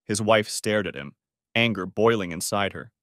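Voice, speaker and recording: A man narrating a dramatic audiobook story in an expressive voice, close to the microphone. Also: fairly low pitch, normal speed, no room sound.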